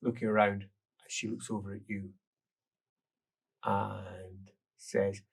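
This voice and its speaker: A game master narrating an improvised tabletop game, animated and switching between characters. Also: low-pitched, takes it slowly, vocal fry, long pauses, slightly rough, far from the mic. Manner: animated, voices several characters.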